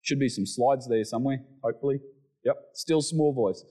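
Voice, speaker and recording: A middle-aged man preaching a sermon, animated, with excited exclamations and humorous asides. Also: medium pitch, normal speed. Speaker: pastor.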